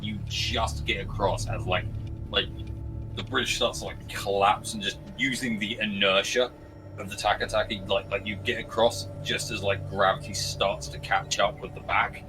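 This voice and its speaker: Brief: deep-voiced GM, meandering narration, music in the background. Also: male voice, steady tone, normal speed, rough recording. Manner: rambling, filler-heavy narration. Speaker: game master. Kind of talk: narrating a tabletop game.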